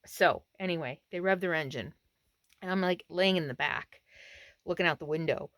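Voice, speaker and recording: A woman's voice: fairly low pitch, moderate pace, dry recording. A woman RV vlogger telling a story to the camera from inside her camper, acting out what was said. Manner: animated retelling, acts out quotes. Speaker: RV travel vlogger.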